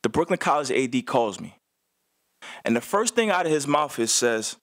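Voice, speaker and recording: A man's voice: medium pitch, sing-song, normal speed, fairly bright tone, no echo, studio quality. A man, a former assistant basketball coach, telling a story on a radio show in casual slang, acting out other people's lines.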